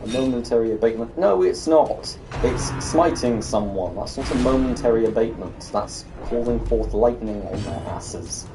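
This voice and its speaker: A man's voice: medium pitch, steady tone, normal speed, few pauses, distant mic, music in the background. A young British man giving casual, sardonic commentary while streaming a game, muttering to himself and breaking into exasperated rants.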